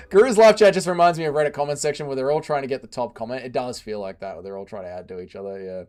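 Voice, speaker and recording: A man's voice: mid-range voice, fast, a little mellow, clear, resonant tone. A man hosting a livestream, reading viewer comments aloud with joking, profane banter. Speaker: livestream host.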